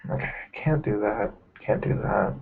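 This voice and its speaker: A man in his twenties co-hosting a casual chat, excitable, laughing often and talking in a loose, filler-heavy way. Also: very high-pitched, gravelly. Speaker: podcast co-host. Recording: tinny phone-like sound.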